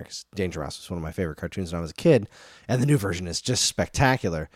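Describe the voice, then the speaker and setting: A man's voice: sits low, lively intonation, quick pace, no room sound, studio quality. A man in his thirties co-hosting a casual chat show, rambling off on tangents. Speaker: podcast co-host.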